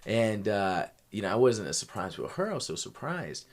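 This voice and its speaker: A man's voice: lowish voice, very animated, normal speed. A young man telling a long story as a podcast guest, rambling with many restarts. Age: young adult. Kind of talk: casual storytelling.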